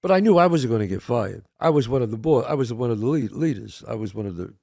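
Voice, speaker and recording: Older male co-host, gravelly, animated storyteller who voices the people in his anecdotes. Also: medium pitch, quick pace. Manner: animated, acts out quoted voices. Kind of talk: casual storytelling chat.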